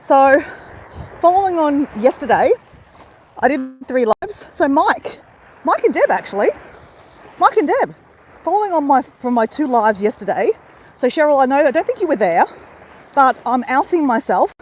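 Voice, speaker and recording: Australian woman, casual chat, walking outdoors, phone at arm's length, slightly high pitch, faint outdoor noise. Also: big pitch swings, normal speed, long pauses, rough recording. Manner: chatty, laughing, talks straight to viewers. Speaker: YouTuber doing a live stream. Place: outdoors on a beach.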